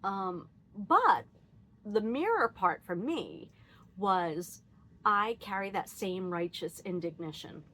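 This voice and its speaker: A woman's voice: medium pitch, slow pace. Chatty woman musing on her day. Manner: candid and animated, laughs often, quotes herself; frequent fillers and restarts, thinking aloud. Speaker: vlogger sharing personal reflections. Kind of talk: casual reflective monologue.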